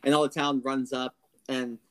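A man co-hosting a podcast, casually recapping a film's plot and acting out lines in quick impressions. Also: medium pitch, little pitch movement. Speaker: podcast co-host. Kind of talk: casual spoiler review chat.

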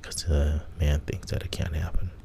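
A man hosting a sleep show, telling a bedtime story in a soft, half-whispered, meandering way. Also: extremely low pitch, level tone, gravelly, a little hiss or hum. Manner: meandering and unhurried, with casual restarts.

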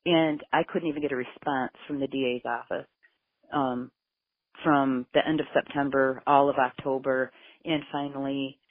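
A woman's voice: rumbling low, fairly even intonation, normal speed, no echo. A mother recounting her search for her missing son in an interview, intense and emotional as she quotes what everyone said. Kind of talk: telling her story in an interview. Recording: phone-like narrow sound.

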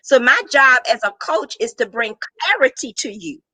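A woman's voice: high-pitched, lively intonation, moderate pace, pushed and bright, no echo, rough recording. A middle-aged woman, a business coach, talking animatedly in a casual interview, laughing often and repeating words.

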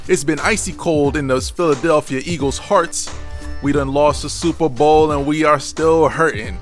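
A man's voice: a little high, moderate pace. A man hosting a casual podcast chat, upbeat and joking, with faint music underneath. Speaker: podcast host.

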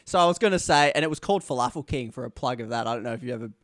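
An Australian man hosting a podcast interview, chatty and quick to laugh. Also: medium pitch, lively intonation, a bit bright, no room sound, studio quality. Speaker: podcast host. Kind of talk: casual interview chat.

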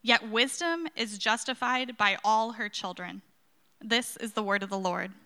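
A woman reading a Bible passage aloud in a measured, formal way. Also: a little high, sharp tone. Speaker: scripture reader. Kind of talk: scripture reading.

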